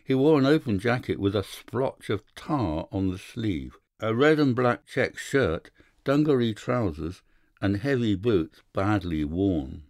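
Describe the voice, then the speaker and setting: Low-voiced male audiobook narrator. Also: animated, a little mellow, no room sound, clean studio sound. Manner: measured first-person storytelling. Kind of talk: scripted narration of a classic story.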